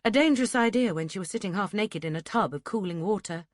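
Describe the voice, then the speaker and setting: A woman narrating a historical romance audiobook in a steady, measured storytelling manner. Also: medium pitch, no room sound, clean studio sound. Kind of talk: scripted narration.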